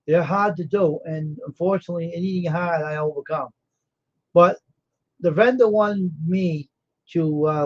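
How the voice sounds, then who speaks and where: A man hosting a casual livestream, tired and yawning but sure of himself. His voice sits a little high, and he rambles as he talks to viewers by name. The audio is dull and lo-fi. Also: a little mellow. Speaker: livestream host, screen printer.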